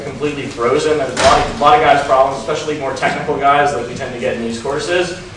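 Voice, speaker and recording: Man, casual seminar talk, mid pitch, roomy echo, faint background hum. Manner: casual, frequent ums and likes. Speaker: dating coach. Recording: roomy echo, mic far off.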